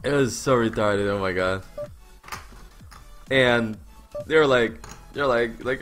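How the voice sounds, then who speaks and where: Faint music plays behind this mid-range male voice, unhurried and broken by long pauses. In his twenties, he's live-streaming a poker game and laughing his way through a casual, excitable story packed with fillers and curse words.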